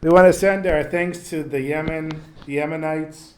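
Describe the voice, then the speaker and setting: A man's voice: medium pitch, steady tone, normal speed, few pauses, heavy background noise. A man teaching a religious lesson in a casual storytelling manner, with asides. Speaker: Torah teacher.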